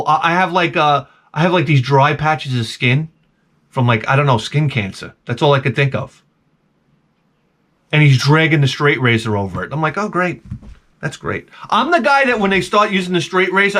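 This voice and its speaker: An older man tells a comic story in a lively, high-pitched voice. He acts out his own reactions and swears freely. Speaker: vlog host.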